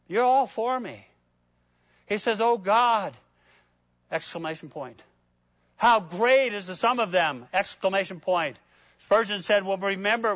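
A man preaching a sermon, swinging between loud emphatic peaks and hushed prayerful asides, reading scripture slowly and deliberately. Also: high voice, dry recording, muffled recording. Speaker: pastor.

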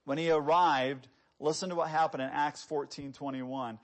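A man with a high-pitched voice delivers a sermon. He talks easily with his listeners and throws rhetorical questions at them. When he reads scripture, his emphasis builds. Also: steady tone, moderate pace. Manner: conversational, quoting scripture with rising emphasis; asks the congregation rhetorical questions. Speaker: preacher.

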